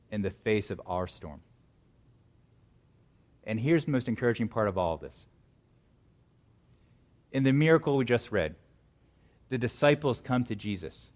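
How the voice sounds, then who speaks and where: A male pastor preaching a sermon, building to loud, dramatic swells and dropping to hushed, quiet lines. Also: mid-range voice.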